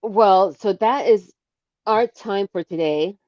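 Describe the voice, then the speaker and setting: A woman co-hosting a live show, telling stories in a casual, animated way. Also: mid-range voice, takes it slowly, dry recording. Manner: animated, bursts into shrieks and laughter when acting out scares. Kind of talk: casual storytelling chat. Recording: dull lo-fi sound.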